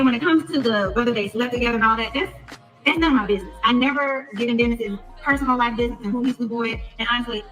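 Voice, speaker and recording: A woman podcaster telling a story in a casual rant, animated, acting out the lines of the people she quotes. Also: fairly high pitch, rough recording. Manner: animated, acts out quoted dialogue. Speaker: podcast host.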